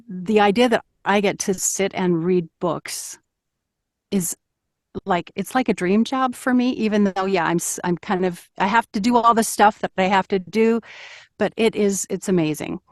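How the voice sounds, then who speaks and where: A woman's voice: medium pitch, measured pace, no echo, clean studio sound. A middle-aged woman, an audiobook narrator, talking earnestly and reflectively as a guest in an interview, with fillers and restarts. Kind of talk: conversational interview.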